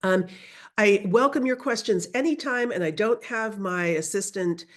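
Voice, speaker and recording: A middle-aged woman teaching a beginner Spanish class over a video call, modeling sounds slowly for students to repeat. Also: mid-range voice. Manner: lively, drawn-out modeling of sounds for repetition. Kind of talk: online class instruction.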